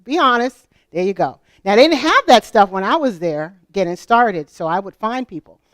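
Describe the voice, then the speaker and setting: Smooth-voiced middle-aged woman telling stories. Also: mid-range voice, normal speed, no room sound, clean studio sound. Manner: animated, conversational, asks the audience questions. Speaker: speaker at a homeschool convention. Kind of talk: storytelling conference talk.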